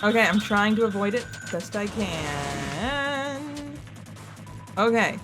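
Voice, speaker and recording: A woman's voice: mid-range voice, lively intonation, slow pace, over music. A young woman playing through a video game on her channel, exasperated at herself and rambling through theories. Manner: exasperated, self-scolding outbursts and rambling theorizing. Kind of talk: let's play commentary.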